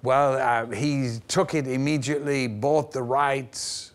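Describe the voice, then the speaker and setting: An older actor telling stories as a guest on a television interview show, animated and playful, slipping into the voices of people he quotes. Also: medium pitch, slow pace. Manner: lively raconteur who acts out the voices in his stories. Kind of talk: anecdotal interview storytelling. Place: television studio.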